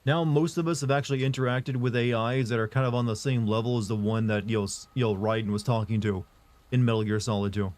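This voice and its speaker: Speaking fast, a man chats informally on his livestream, reading messages from viewers and replying. His tone is flat and mid-pitched, and his talk rambles with fillers and false starts.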